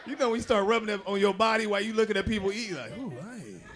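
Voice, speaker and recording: A man's voice: sits high, little pitch movement, rapid-fire, a bit bright. A man hosting a comedy show, teasing the acts and crowd with loose, laughing banter. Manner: playful, teasing, laughs between jokes. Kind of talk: emcee banter.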